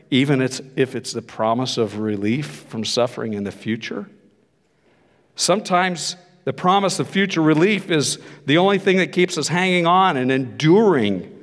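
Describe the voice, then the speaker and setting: A man's voice: medium pitch, in a large hall. A man pastor preaching a sermon in a conversational, reflective way. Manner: conversational, reflective, with frequent restarts.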